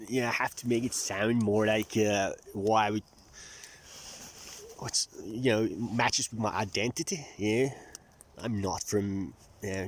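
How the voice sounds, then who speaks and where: Finnish man, Finnish native, Southern twang English, lowish voice, wry digressive vlog chatter. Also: a little hiss or hum. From Finland. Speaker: vlogger. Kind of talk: rambling casual monologue. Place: outdoors near marshland.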